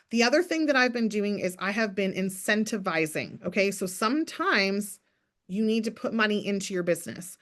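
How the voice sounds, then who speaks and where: Energetic woman coaching a sales team. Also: medium pitch, normal speed. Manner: energetic, chatty, acts out sample messages in bright voices. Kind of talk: motivational coaching talk.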